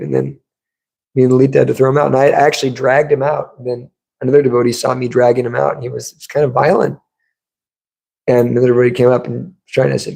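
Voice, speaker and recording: Gravelly, mellow-voiced man giving a temple class. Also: medium pitch, steady tone, quick pace, pauses often, poor audio. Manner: conversational storytelling, acts out quotes. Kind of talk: sermon. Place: temple room.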